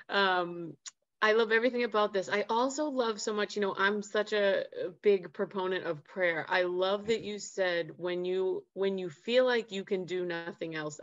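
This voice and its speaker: Effusive woman host, lo-fi sound. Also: mid-range voice. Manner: effusive, emotional. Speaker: podcast host. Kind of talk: conversational interview. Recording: dull, lo-fi sound.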